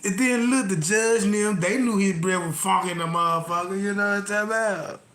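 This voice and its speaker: A man ranting comically to his live chat, telling a rambling, profane story full of repeated asides and swinging between loud outbursts and low mutters. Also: fairly even intonation, brisk. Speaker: livestream host. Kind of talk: comedic rant to a live chat. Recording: roomy echo.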